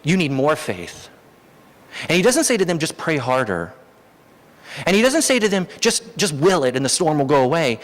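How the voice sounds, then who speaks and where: A man preaching a sermon as pastor, animated, his voice jumping high for emphasis. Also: normal speed. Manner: animated, rises sharply in pitch for emphasis. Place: church hall. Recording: long hall reverb.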